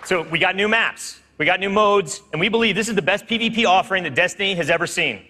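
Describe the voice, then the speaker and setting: A man's voice: high voice, quick pace, crowd noise, background noise. A man presenting on stage at a keynote, upbeat and hyping up a live audience. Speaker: game studio presenter. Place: stage in a large hall. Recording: long hall reverb from live stage.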